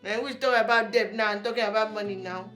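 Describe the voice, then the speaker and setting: A woman's voice: mid-range voice, fairly even intonation, fast, fairly bright tone, faint music behind, lightly acted. An actress playing a stressed woman trader in debt, speaking with a Nigerian accent and complaining wearily. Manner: complaining, weary, sighing.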